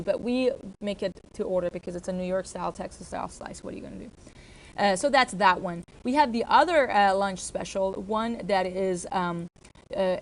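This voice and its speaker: Woman explaining restaurant procedures to staff. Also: medium pitch. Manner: explanatory, with fillers and self-corrections. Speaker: restaurant trainer. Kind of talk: staff training talk.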